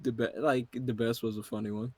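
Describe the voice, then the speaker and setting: A man's voice: mid-range voice, little pitch movement, brisk, darkish tone, slightly rough, no room sound. A young man chatting casually with a friend over a game, laid-back and swearing as he tells a story. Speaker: co-player. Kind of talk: casual chat while playing a game.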